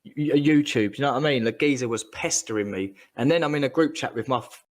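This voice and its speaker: Guy ranting about someone, slangy and animated, keeps repeating himself. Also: mid-range voice, fast talker. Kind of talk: ranting casual chat.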